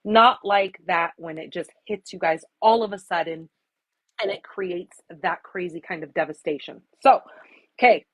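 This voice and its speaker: A woman's voice: lowish voice, moderate pace, no room sound, highs cut off. A woman in her forties from Arizona hosting a casual craft livestream, chatting with viewers and greeting them by name, sometimes emotional. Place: home craft room.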